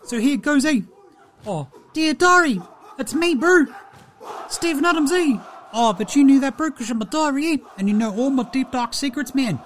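A man's voice: very high-pitched, lively intonation, normal speed, a bit bright, slight background noise, pitched above the performer's own voice. A man putting on a laid-back young New Zealand basketball player with an exaggerated New Zealand accent, drawling and tacking "Brew" and "eh" onto every phrase. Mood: chatty.

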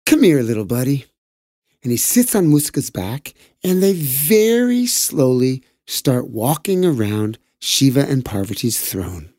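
Slow, animated man telling a bedtime story. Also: medium pitch, no room sound, clean studio sound. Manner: slow, gentle and animated, leaps into voices. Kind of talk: bedtime story reading for children.

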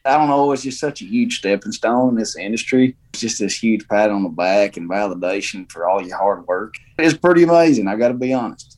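A man from Arkansas with a Southern accent, a country singer guest talking in a relaxed, plainspoken way. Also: fairly low pitch, a little fast, few pauses. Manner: easygoing, plainspoken. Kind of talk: casual interview.

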